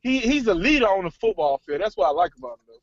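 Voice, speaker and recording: A man's voice: high-pitched, sing-song, fast talker, highs cut off, a crowd in the background. A man calling into a sports talk show, laid-back, explaining at length. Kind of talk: casual sports chat.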